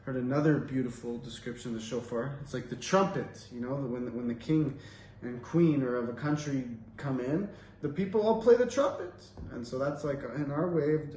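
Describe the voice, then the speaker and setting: A man's voice: medium pitch, a little mellow, slight background noise. A man giving an informal Torah talk, telling stories in a casual, rambling way with many fillers. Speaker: Torah teacher. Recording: roomy, distant mic, faint ambience.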